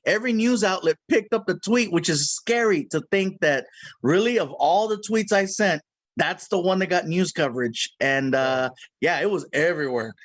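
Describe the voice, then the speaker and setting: High-voiced, playful male comedian. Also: moderate pace, no room sound. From Mexican heritage. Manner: animated, playful storyteller who slips into character voices. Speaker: comedian and voice actor guest. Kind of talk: casual video interview. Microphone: video call.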